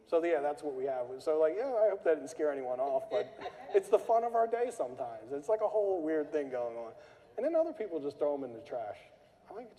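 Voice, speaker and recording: A man hosts a live meetup and talks quickly and casually to the group. His voice is mellow and warm, and it carries a long hall reverb. He tells animated stories and acts out angry callers in a high voice. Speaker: meetup host.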